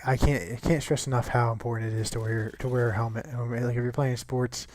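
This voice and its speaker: A man's voice: medium pitch, little pitch movement, fast, darkish tone. A young man chatting casually over gameplay, rambling and swearing with lots of restarts. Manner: rambling and profane, many restarts.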